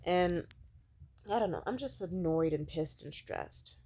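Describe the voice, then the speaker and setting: A young woman in her twenties venting in a profane, sarcastic rant, sometimes mocking other people in a high voice. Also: expressive, unhurried, dark tone. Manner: profane, sarcastic, exasperated ranting. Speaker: vlogger. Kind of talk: ranting vent vlog.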